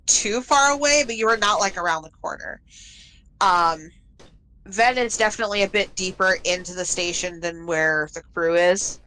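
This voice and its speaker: A woman runs a tabletop game, narrating scenes for her players. Her voice is bright and clear. She keeps it loose and easygoing, with plenty of fillers. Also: medium pitch, poor audio. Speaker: game master.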